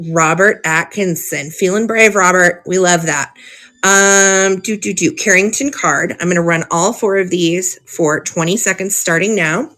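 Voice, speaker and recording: A woman with a lowish voice and fairly bright tone speaks at a measured pace while hosting a live vintage sale. She chats casually, reads old cards aloud, gushes over them, and giggles often.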